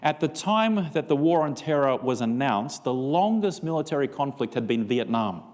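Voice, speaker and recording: A man's voice: medium pitch, big pitch swings, normal speed, a little mellow, in a large hall. A man preaching a seminar sermon, telling a story and acting out both sides of a conversation. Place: church.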